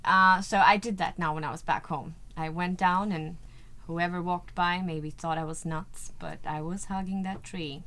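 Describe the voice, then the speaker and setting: A woman's voice: fairly low pitch, steady tone, moderate pace, a bit bright, a little hiss or hum. A woman with a European accent, an actress chatting as a guest in an interview, gushing and full of "like" and "you know". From Sweden. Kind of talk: casual interview chat.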